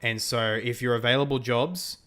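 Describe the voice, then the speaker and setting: A man's voice: mid-range voice, fairly even intonation, normal speed, pushed and bright. A young Australian man chatting casually while streaming a strategy game, laughing often and answering his chat. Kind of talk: casual gameplay commentary with chat.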